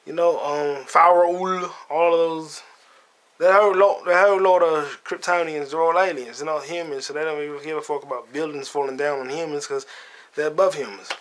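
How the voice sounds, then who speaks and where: This podcast host is a man with a fairly high, slightly bright voice, speaking at a normal pace with fairly even intonation. In a casual movie review chat, he rambles through a film's plot, heavy on profanity and slang.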